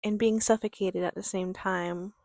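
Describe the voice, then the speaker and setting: A woman life coach giving a reflective motivational talk in a gentle, calm, quiet and patient way. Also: mid-range voice, no echo. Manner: unhurried, patient delivery. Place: outdoors near a creek.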